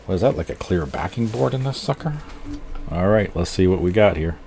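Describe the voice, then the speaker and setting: A middle-aged man chatting casually and excitedly while unboxing comic books for his channel. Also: low voice, a little fast, a little hiss or hum. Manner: excitable, exclaims often. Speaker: comic book vlogger.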